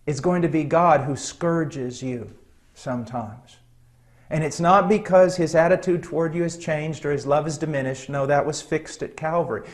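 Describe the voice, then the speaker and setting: Middle-aged guy preaching, earnest and chatty, lots of ums, voice a bit on the high side. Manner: earnest, conversational, with frequent ums and soft chuckles. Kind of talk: sermon with personal story.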